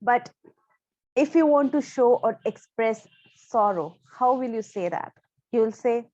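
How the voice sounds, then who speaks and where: A fairly high-voiced woman gives a speaking lesson in a deliberate, emphatic way, leaning on key words and pausing on purpose. The sound is dry and a little dull, like a lo-fi recording. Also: expressive, a little mellow, dry recording. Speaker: speaking coach. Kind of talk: instructional talk to camera.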